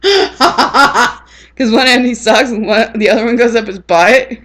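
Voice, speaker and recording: Woman, vlogger, casual chat, giggly, rambling, slow, unhurried pace. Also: fairly high pitch, a bit bright. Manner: giggly and rambling, laughs often.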